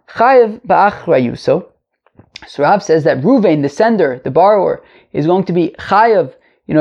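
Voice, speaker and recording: Chatty gravelly man teaching Talmud. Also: high-pitched, a little mellow. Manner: rambling, chatty, joking asides. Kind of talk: casual daily Talmud class. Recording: lo-fi home mic.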